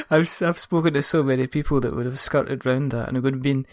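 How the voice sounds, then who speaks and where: A man hosting a podcast interview, jokey and quick to laugh, spinning comic scenarios between his questions. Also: medium pitch. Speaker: podcast host. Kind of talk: casual interview chat.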